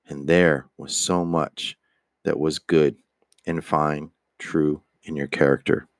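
A man's voice: extremely low pitch, no room sound, studio quality. A man giving a dramatic reading of a father's remorseful letter, earnest in tone and sometimes stumbling and restarting a word. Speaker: reader.

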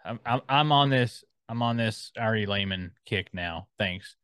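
A man's voice: on the low side, unhurried, fairly bright tone, smooth, no echo. A man co-hosting a podcast in casual chat, rambling as he scrolls and reads out film listings. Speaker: podcast co-host.

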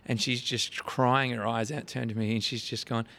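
A man's voice: mid-range voice, steady tone, normal speed, gravelly, fairly bright tone. A man hosting a casual podcast chat, telling candid stories in a chatty way. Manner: candid, chatty storyteller, laughs easily. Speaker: podcast host.

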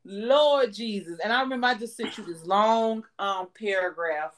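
A woman's voice: medium pitch, moderate pace, crowd noise. A woman co-hosting a podcast, chiming in with emphatic, profane stories in casual chat. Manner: emphatic, profane, interjects often. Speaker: podcast co-host.

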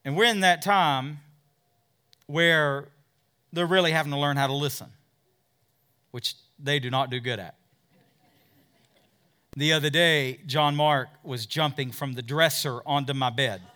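A male pastor preaching a fervent sermon, drawing call-and-response from the congregation and swinging between loud peaks and hushed asides. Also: on the high side, fairly even intonation, a little slow, pauses often. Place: church service with a congregation.

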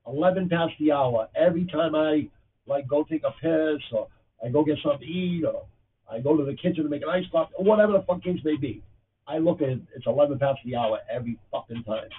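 A man's voice: fairly high pitch, fast talker, breathy edge, far from the mic. A man in his fifties with a Boston accent, hosting his podcast in a blunt, profane, rambling way. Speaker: podcast host. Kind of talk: casual livestream chat. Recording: tinny phone-like audio with faint noise.

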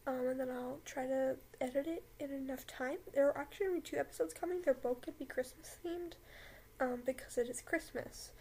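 A woman's voice: high-pitched, steady tone, fairly quick, a little mellow, breathy edge, poor audio. A young woman hosting a casual podcast, rambling with lots of fillers and giggles, then reading a story aloud at home. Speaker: podcast host. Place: home room with a dog.

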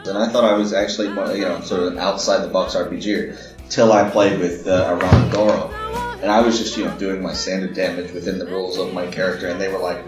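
A guest player on a gaming podcast, a man with a lowish voice who jokes about himself. He sits far from the mic in a roomy space. Music plays behind him. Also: flat delivery, fast talker. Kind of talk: casual podcast banter.

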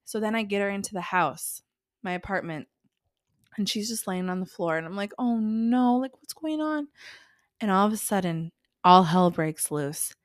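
Animated young woman telling a story. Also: lowish voice, normal speed, clear, resonant tone, no echo, clean studio sound. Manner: animated storytelling, acts out her own reactions. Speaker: podcast co-host. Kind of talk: casual chat.

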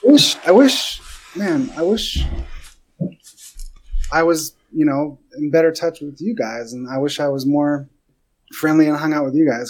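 A man appearing as a guest on a podcast, telling stories in a casual, animated way, laughing and acting out his own reactions. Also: mid-range voice, low-quality recording. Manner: animated storyteller, laughs and does lively quoted reactions. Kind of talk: casual chat.

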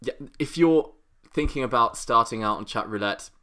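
A man's voice: mid-range voice, normal speed, pushed and bright. A British man co-hosting a podcast, telling stories in a rambling, chuckling way. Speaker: podcast co-host. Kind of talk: casual chat.

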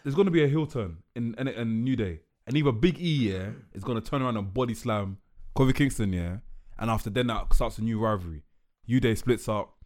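A man's voice: medium pitch, a little fast, a little mellow. A young man on a casual podcast, making eager predictions and pressing his co-host to agree. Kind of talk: casual chat.

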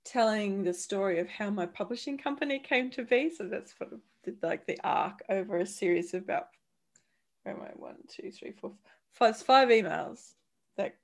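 A woman in her thirties chatting on a podcast, animated and laughing often, with frequent restarts. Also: mid-range voice, vocal fry. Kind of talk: casual chat.

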